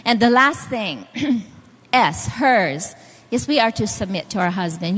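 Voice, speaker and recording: A woman's voice: mid-range voice, lively intonation, unhurried, a bit bright, breathy edge, long reverb tail. A middle-aged woman preaching a sermon, telling stories and speaking directly to the congregation. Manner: storytelling, directly addressing the audience.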